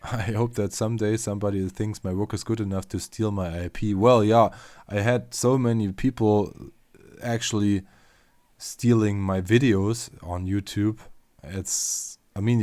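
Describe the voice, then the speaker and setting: A man with a German accent hosts a casual livestream chat about making machinima. His voice sits low, and it is recorded close and dry. He rambles loosely and swears now and then. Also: dark tone, no echo. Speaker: machinima creator streaming.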